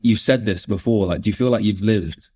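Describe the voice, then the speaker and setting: A man's voice: lowish voice, fairly quick, darkish tone, breathy edge, dry recording. A man hosting an interview, asking long, hesitant questions with frequent restarts. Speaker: podcast interviewer.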